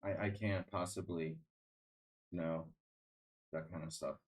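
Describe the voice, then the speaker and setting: A man's voice sits low, with a steady tone and a slow delivery. He's streaming chess and chatting loosely in a sardonic, rambling way, often restarting and leaning on filler words.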